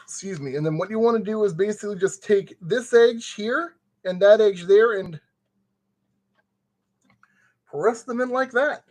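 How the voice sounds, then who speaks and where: Male streamer, slow and drawly, playful self-talk, goofy exclamations, hot and sweaty. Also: sits high, darkish tone. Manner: playful, muttering to himself, goofy made-up exclamations. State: sweating in summer heat. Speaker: streamer building a kit. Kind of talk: casual live-stream commentary.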